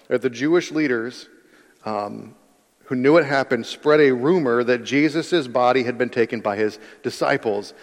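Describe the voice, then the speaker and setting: A man's voice: medium pitch, moderate pace. A man preaching a sermon in a large church hall, reading scripture and explaining it in a conversational, emphatic way. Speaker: pastor. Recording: long reverb of a large hall.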